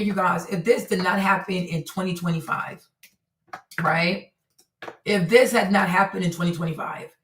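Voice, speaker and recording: A woman's voice: on the low side, reverberant, far from the mic. A woman hosting a live stream, ranting indignantly and firing off repeated rhetorical questions. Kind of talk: heated live-stream commentary.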